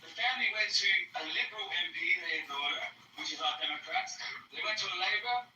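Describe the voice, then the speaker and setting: A man's voice: sits high, animated, fast talker, pushed and bright, soft background music. A man with an Australian accent from Adelaide, calling in to a show with an aggressive, profane rant. The call sounds distant and echoey with faint hiss. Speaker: caller.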